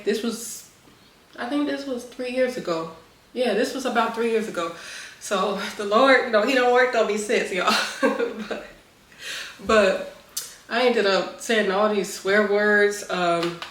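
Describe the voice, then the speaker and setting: A young adult woman vlogger telling a personal story to her viewers in animated, casual chat. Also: mid-range voice. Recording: roomy echo, voice a bit far from the mic.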